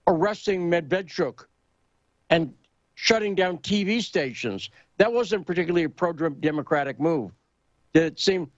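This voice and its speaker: Brief: high-pitched male host, sarcastic and combative, muffled recording with music. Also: no echo. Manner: sarcastic, combative, rhetorical questions. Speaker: podcast host. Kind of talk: opinionated commentary chat.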